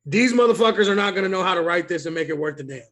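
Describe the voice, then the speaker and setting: Blunt high-voiced male podcast co-host. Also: animated, racing, fairly bright tone. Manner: blunt, emphatic and profane. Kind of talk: casual wrestling podcast chat.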